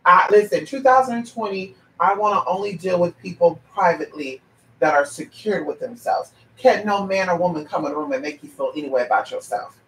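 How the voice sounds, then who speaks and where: With a lowish voice, a fairly quick pace and a little hiss or hum on the track, a trans woman who gives paid readings rants to viewers, blunt, sassy and swearing. She's animated, slipping into impressions of people mid-story, and the sound is roomy and distant from the mic.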